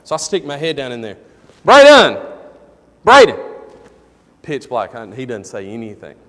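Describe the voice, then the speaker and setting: A middle-aged man preaching a sermon in a church, telling a personal story with animated energy and loud bursts in the quoted moments. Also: mid-range voice, quick pace, in a large hall. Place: church sanctuary.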